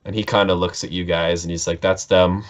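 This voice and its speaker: A man's voice: deep voice, little pitch movement, fast talker, a bit bright. A man narrating a tabletop game as game master, rambling with many fillers. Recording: dull lo-fi mic.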